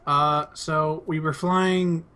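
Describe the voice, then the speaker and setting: Laid-back young man, slightly high voice. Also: flat delivery, slow, sharp tone. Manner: rambling anecdote, laid-back. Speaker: let's play host. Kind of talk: casual gameplay chat.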